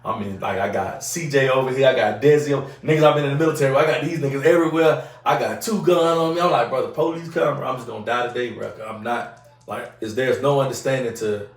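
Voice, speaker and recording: A man's voice: medium pitch, fast. A man, the podcast host, telling a long story in casual chat, acting out other people's voices and swearing a lot. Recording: roomy sound from a distant mic.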